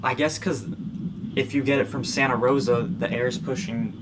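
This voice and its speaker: A man's voice: mid-range voice, fairly even intonation, moderate pace. A young man from California hosting a podcast, telling loose stories in casual chat and laughing often. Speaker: podcast host. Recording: noticeable background noise.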